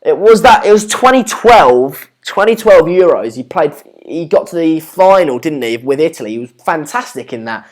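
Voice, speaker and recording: A man's voice: fairly high pitch, animated, moderate pace, hardly any pauses. A British man hosting a casual football watchalong livestream, chatting and reading out viewer comments with frequent ums and uhs. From Britain. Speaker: livestream host. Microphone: home streaming setup.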